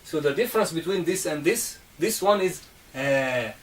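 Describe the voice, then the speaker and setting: Off-mic and surrounded by faint room noise, a high-voiced male Arabic teacher leads a classroom lesson on the Arabic letters. His manner is slow and patient, with frequent "okay?" and "right?" checks on understanding.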